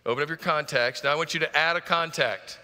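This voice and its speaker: A middle-aged man preaches from the pulpit in a fairly high, very bright voice. He presses each point with rising emphasis and drops into playful asides. His voice rings with a long reverb through the church hall. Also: fast. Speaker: pastor. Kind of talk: sermon. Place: church sanctuary.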